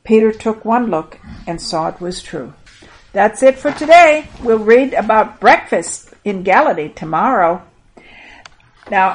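A woman hosts a children's program and tells a Bible story in an expressive storytelling voice. She talks gently and directly to the young listeners. Her voice sits at a medium pitch. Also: poor audio. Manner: gentle, expressive reading with an affectionate sign-off to kids.

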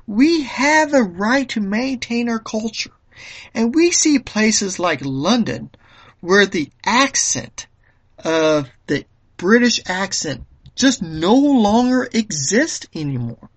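A political commentator delivering a monologue, reading from an article and commenting on it in a halting way with frequent fillers and restarts. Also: medium pitch, a bit bright. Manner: slow and halting, with many "um"s and restarts.

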